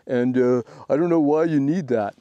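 A man's voice: medium pitch, normal speed, dark tone, no echo, lo-fi sound, pitched above the performer's own voice, close to an everyday voice. A man putting on the voice of a grumpy, complaining ham radio operator. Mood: scoffing. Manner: scoffing, complaining.

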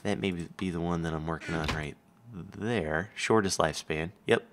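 A man's voice: sits low, normal speed, noisy background. A man casually explaining his gameplay setup and joking with a co-player. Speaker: gaming video host.

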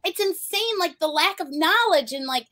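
A woman guest telling her story in a blunt, animated way during a casual interview chat. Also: extremely high pitch, normal speed.

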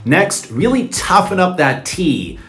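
A man's voice: sits high, huge pitch swings, slow, fairly bright tone, slightly rough, soft background music. A man giving a comedic accent lesson, playful, with exaggerated demonstrations. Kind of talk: comedic language tutorial.

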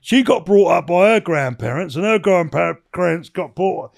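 High gravelly-voiced older man. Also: expressive, unhurried. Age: 60s. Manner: rambling, swearing, peppered with "you know what I mean". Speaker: podcast guest, former bare-knuckle boxer. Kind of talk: casual interview storytelling.

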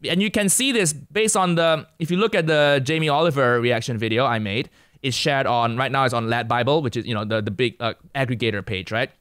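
A man's voice: medium pitch, brisk, hardly any pauses, a bit bright, clean tone, dry recording, studio quality. A young man from Asia, a comedian and guest on a casual podcast, laying out his view point by point. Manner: lays out his argument point by point.

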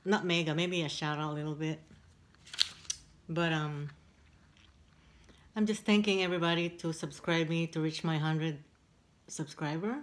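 A woman chatting casually in a mukbang video, pausing to eat between halting words. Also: low voice, steady tone, slight background noise. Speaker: eating-show vlogger.

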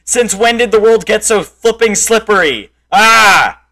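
A young man yelling and grumbling at a game he can't beat. His voice sits high and bright and swings wildly, from low muttering up to sudden shouts. Between the outbursts he talks at an unhurried pace. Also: expressive. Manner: frustrated, yelling and insulting the game. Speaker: gameplay streamer. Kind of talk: raging gameplay commentary.

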